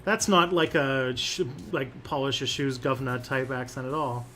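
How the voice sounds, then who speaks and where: A man's voice: mid-range voice, fairly even intonation, moderate pace, a bit bright, faint music behind. A man hosting a casual livestream and answering chat questions, rambling with lots of fillers and restarts.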